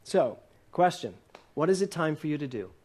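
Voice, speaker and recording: A man in his sixties preaches to a congregation in a church hall, his voice sitting a little higher than most men's. He keeps asking the room questions. Now and then he turns playful and jokes with them. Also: sing-song, normal speed, darkish tone. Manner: asks the congregation many questions, playful and laughing at times. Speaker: minister. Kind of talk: sermon.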